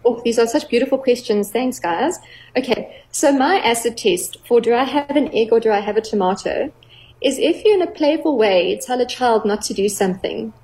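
A middle-aged woman, a clinical psychologist, explaining earnestly on a radio talk show, with gentle playful examples. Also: on the high side, normal speed, rough recording.

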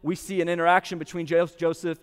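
A preacher with a fairly high voice speaks fast and smoothly but with flat delivery, the sound echoing like a big room before a live audience. His casual, conversational sermon retells a story, leaning on lots of "like" and acting out the quotes.

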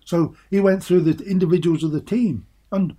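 An older man reminisces about his playing days. His voice is husky and mellow, pitched a little high for a man. He talks animatedly and repeats words as he warms to each story. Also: moderate pace. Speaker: former footballer guest. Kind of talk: casual reminiscing chat.

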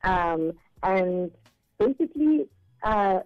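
A woman dentist guest on a radio show, explaining calmly and laughing easily. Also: mid-range voice, slow, smooth. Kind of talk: radio interview. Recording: muffled line with faint music.

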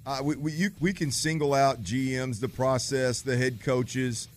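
A man's voice: medium pitch, fairly even intonation, a little slow, faint music behind. Impassioned male sports radio co-host. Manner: impassioned, emphatic opinion.

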